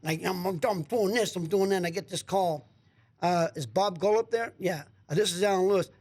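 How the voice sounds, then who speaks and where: A man's voice: high voice, fairly quick. A man telling a long story in a studio, acting out the voices of the people in it. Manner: animated storyteller acting out quotes, repeats words. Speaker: guest. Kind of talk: storytelling chat. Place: radio studio.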